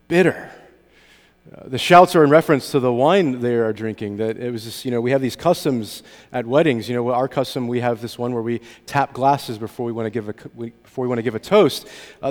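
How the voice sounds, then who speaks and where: A man's voice: medium pitch, darkish tone, big-room sound. A man speaking as a pastor at communion, earnest, with frequent ums and small restarts. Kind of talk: communion meditation.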